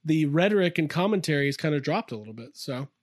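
A man co-hosting a laid-back podcast in a slightly high voice. He rambles, restarts his sentences and laughs easily. The sound is dry and close, with no room in it. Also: expressive, fast, no echo. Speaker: podcast co-host. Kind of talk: casual chat.

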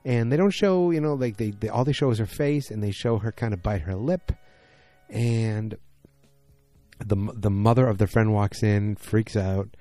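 A man's voice: lowish voice, normal speed, warm tone, dry recording, faint music behind. A tired man recapping a TV episode late at night in a casual, rambling way, full of fillers and restarts.

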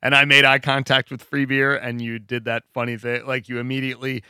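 Bright-voiced man telling a story. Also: medium pitch, brisk, clean tone, no echo, studio quality. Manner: lively storyteller, chuckles between lines. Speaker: radio show co-host. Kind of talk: casual storytelling banter.

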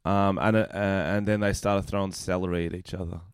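A man's voice: low-pitched, a little fast, clean tone, no room sound, studio quality. Swearing guy telling stories. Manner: swearing, animated storytelling with laughs. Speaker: podcast co-host, comedian. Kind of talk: casual chat.

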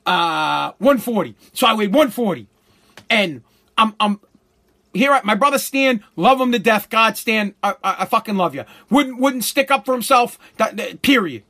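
A man's voice: sits high, animated, normal speed, sharp tone. Blunt, swearing man. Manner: blunt, rambling with many restarts and swearing. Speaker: show host. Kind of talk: profane storytelling monologue.

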